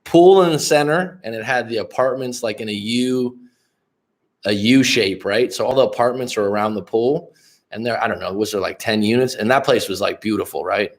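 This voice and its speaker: Speaking at a moderate pace in a lowish voice, a male life coach runs a relaxed livestream. His talk wanders, is liberally profane, and frequently turns to the people in chat.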